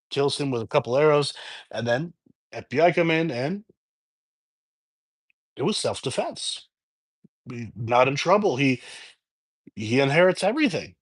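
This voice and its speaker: A man's voice: medium pitch, animated, normal speed. A man hosting his own review channel, casually retelling a film's plot off the top of his head with frequent restarts and fillers. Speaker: movie reviewer. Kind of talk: casual spoken film review.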